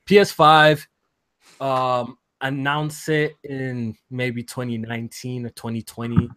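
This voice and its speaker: A man hosting a casual gaming podcast, talking in loose slang and getting loud and hyped when he jokes around. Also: medium pitch, flat delivery, slow, no echo. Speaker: podcast host.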